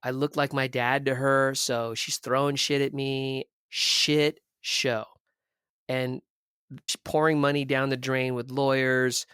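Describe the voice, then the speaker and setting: A man from Southern California talks through his past in a blunt, profane, animated way, slipping into the voices of people he quotes. His voice sits at an ordinary middle pitch, and it is recorded dry and close with little room sound. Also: slow pace, smooth, no echo. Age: 30s. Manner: blunt, profane, animated storyteller who acts out quoted dialogue. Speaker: podcast guest. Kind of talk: candid conversational storytelling.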